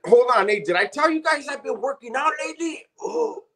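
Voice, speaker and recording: A man's voice: very high-pitched, lively intonation, brisk, sharp tone. A middle-aged man co-hosting a casual chat, full of profane, teasing banter. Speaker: podcast co-host.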